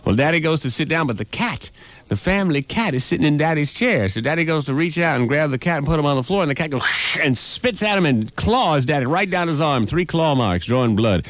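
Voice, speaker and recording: A male radio DJ telling jokes on a morning show, animated, with frequent "uh" fillers. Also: a little high, a little fast, dry recording. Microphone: studio microphone.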